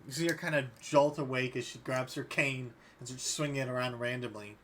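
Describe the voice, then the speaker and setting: A man's voice: medium pitch, fairly even intonation, brisk, a bit bright, a little hiss or hum. Casual man narrating as game master. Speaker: dungeon master.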